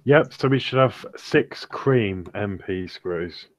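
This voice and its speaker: A man's voice: lowish voice, expressive, slow. A man co-hosting a build stream, reading out parts and instructions in a brief, matter-of-fact way.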